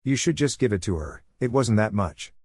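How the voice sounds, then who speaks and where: A man's voice: lowish voice, expressive, moderate pace, darkish tone, breathy edge, dry recording, studio quality. A man reading the lines of an angry, dismissive middle-aged mother in a scolding tone. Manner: snapping, scolding.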